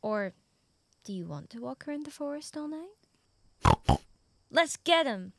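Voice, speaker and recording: Lady voicing a determined little girl knight, high voice, earnest and a bit bossy. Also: very animated, unhurried, gravelly, dry recording, full character voice. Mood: urgent. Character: brave young girl who wants to be a knight. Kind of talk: animated story acting.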